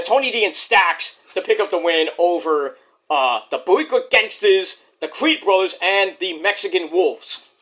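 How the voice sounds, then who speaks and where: A young man with a fairly high, bright voice talks casually and profanely. His pitch swings widely as he rambles and riffs on what he is watching. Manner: loose and profane, does voices of wrestlers. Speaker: wrestling predictions vlogger. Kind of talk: casual chat.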